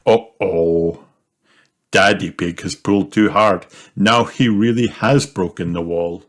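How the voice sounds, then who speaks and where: A man reading a children's storybook aloud in a slow, lively storytelling manner. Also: lowish voice. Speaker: storybook reader. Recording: noisy home recording with clicks.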